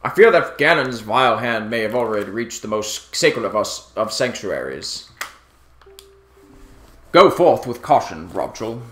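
A man's voice: fairly low pitch, big pitch swings, a little slow, fairly bright tone, echoey room, slight background noise. A man reading the lines of a wise old talking boat from a video game, in a solemn, formal way.

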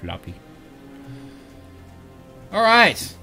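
A man's voice: sits high, huge pitch swings, very slow, creaky, bright, forceful tone, soft background music. A man hosting a game let's play, reading quest text aloud and joking about himself. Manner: playful, jokey, laughs at himself. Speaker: host.

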